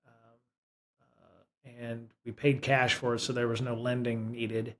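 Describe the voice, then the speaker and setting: A man hosting a live stream in a loose, rambling way. His voice sits at an average pitch. He talks with plenty of fillers and restarts. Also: level tone, measured pace. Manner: high-pitched baby talk to his cat. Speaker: streamer and host. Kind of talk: casual live-stream chat.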